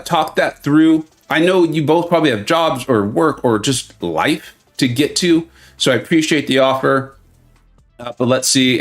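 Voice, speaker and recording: A man with a medium-pitched, fairly bright voice hosts a live stream watch party for a game tournament. He chats casually, greets viewers by name, and pokes fun at himself.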